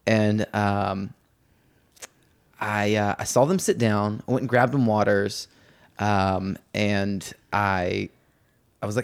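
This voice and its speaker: A young man hosting a casual podcast chat at home, telling animated stories and laughing often. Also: fairly low pitch, slow, gravelly, long pauses, smooth. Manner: animated storyteller, mimics voices, laughs often. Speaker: podcast host.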